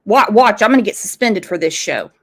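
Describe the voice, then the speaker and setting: A woman's voice: medium pitch, lively intonation, a little fast, slightly rough. A woman hosting a true crime livestream, angry and blunt, swearing freely as she comments. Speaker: true crime channel host.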